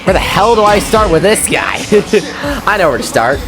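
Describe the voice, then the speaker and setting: A man giving casual, excitable wrestling commentary, chatty and quick to swear. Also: high voice, music in the background.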